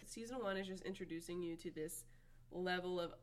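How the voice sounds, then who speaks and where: A woman's voice: lowish voice, fairly quick. A woman in casual chat, wry and chatty, adding facts and jokes.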